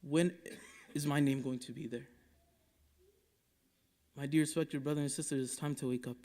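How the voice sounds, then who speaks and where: A man from Dallas giving a Friday sermon as imam, impassioned and rhetorical, rising to loud urging and dropping to hushed asides, reciting Quranic Arabic quickly between English explanations. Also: mid-range voice, fairly even intonation. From Dallas, Texas. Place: mosque prayer hall. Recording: long reverb of a mosque hall.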